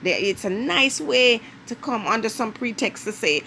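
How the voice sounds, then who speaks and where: A woman's voice: a little high, expressive, vocal fry, sharp tone, slight background noise. A woman with a Jamaican accent giving a vlog monologue in an emphatic, lecturing way, leaning hard on key words. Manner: emphatic, lecturing, drawn-out stresses. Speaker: vlogger. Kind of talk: direct-to-camera monologue.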